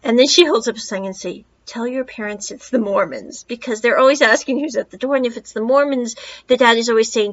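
A woman's voice: a little high, fairly quick. Woman podcast host, casual film reviewer, rambling asides, muffled lo-fi recording. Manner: chatty, rambling retelling with asides.

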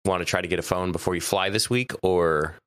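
A man's voice: deep voice, fairly quick, fairly bright tone, no room sound, clean studio sound. A man co-hosting a podcast in casual chat, a little stuffy, chatty and laughing often. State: stuffy nose. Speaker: podcast co-host.

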